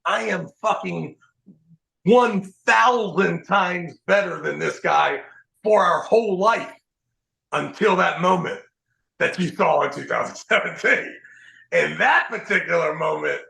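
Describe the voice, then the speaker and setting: A man hosting a podcast, telling profane, animated stories in casual chat. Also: sits high, measured pace, gravelly, echoey room, rough recording. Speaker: podcast host.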